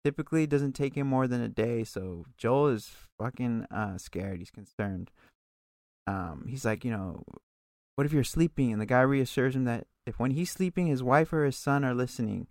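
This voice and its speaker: A man co-hosting a casual chat, recapping an episode in a loose, profane way with quick asides. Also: medium pitch, darkish tone, dry recording, clean studio sound. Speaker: podcast co-host recapping a TV episode.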